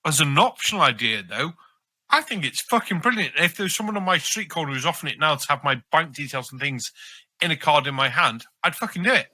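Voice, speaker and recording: A man talks as a podcast guest, his voice sharp, bright and a little high for a man. He is blunt and sweary, and the recording sounds dry and close. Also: lively intonation, brisk, dry recording. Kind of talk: casual podcast chat.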